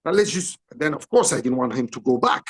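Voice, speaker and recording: A man in his sixties from Belgium, speaking English with a French accent, animatedly telling a story in halting English and acting out what people said. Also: mid-range voice, animated, slightly rough. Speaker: interview guest, actor. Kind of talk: storytelling interview.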